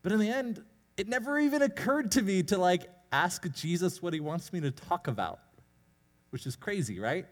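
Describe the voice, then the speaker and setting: Male pastor, casual confessional sermon, animated delivery, big church reverb. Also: sits high, moderate pace. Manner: candid, self-deprecating, conversational preaching. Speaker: youth pastor. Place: church sanctuary. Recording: long hall reverb.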